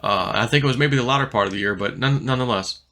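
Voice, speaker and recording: A man's voice: mid-range voice, fast, sharp tone. A man vlogging about crypto in a rambling, casual monologue full of fillers. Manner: rambling, filler-heavy, restless talk.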